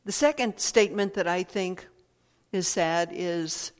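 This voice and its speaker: A woman giving a thoughtful, reflective talk at an unhurried pace, often repeating phrases and pausing to find words. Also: lowish voice. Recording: long hall reverb.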